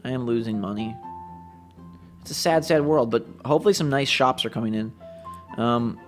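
A let's play commentator thinks aloud as he plays a city-building game, rambling, doubting himself, and talking to his viewers. His voice is medium-pitched at a moderate pace, with soft music in the background.

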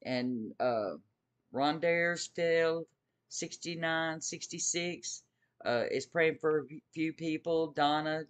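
A man's voice: a little high, slow, clean tone. Eager man preaching to viewers. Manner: earnest, eager, repeats phrases. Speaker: Christian video host.

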